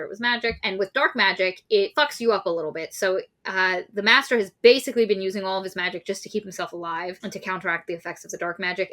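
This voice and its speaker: A woman co-hosting a casual book-review podcast, retelling the plot in a profane, animated way and acting out quotes. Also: mid-range voice. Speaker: podcast co-host.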